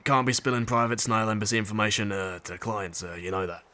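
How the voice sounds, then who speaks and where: A man voicing a brash, bossy male snail in an audiobook drama, blustering and quick to scold. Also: fairly low pitch, flat delivery, sharp tone. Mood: matter-of-fact.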